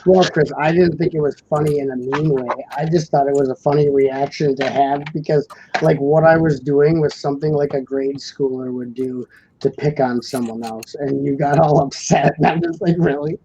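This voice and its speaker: This young adult from Indiana hosts a live stream, casually reading out viewer comments, laughing readily and filling the rambling talk with "like." The medium-pitched voice holds a steady tone at normal speed over muffled, faintly noisy audio.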